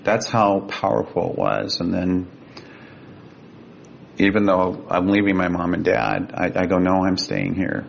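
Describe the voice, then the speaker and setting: Deep gravelly older man telling a story. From California. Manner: earnest, emotional, slows down for quoted speech. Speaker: guest. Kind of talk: personal storytelling. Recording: dull lo-fi sound with faint rumble.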